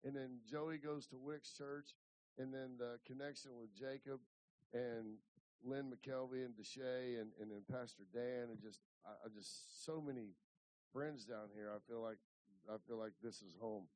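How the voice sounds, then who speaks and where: A man's voice: mid-range voice, steady tone, measured pace, darkish tone, poor audio. A man in his fifties from Ohio, preaching a folksy, rambling storytelling sermon full of restarts. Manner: rambling, repeats words and restarts.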